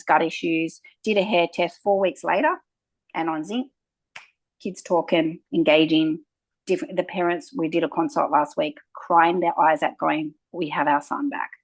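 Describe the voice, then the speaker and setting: A woman's voice: lowish voice, creaky, no echo, poor audio. A woman, a naturopath guest talking at length in an interview and acting out little exchanges as she tells stories. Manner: animated storyteller, acting out quoted exchanges. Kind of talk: conversational interview.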